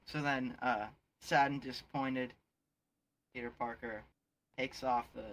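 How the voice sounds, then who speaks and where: A man's voice: medium pitch, fairly even intonation, measured pace, pauses often, a bit bright. A young man casually retelling a movie scene in an online chat, rambling with lots of fillers. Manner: rambling, many fillers and restarts. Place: online virtual world chat.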